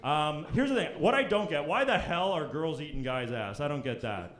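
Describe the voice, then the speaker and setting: A young Canadian man doing a crude, brash stand-up set on a club stage, jumping into loud high voices when he quotes people. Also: expressive, normal speed. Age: young adult. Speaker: stand-up comedian. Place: comedy club stage before a live audience. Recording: echoey room with crowd laughter.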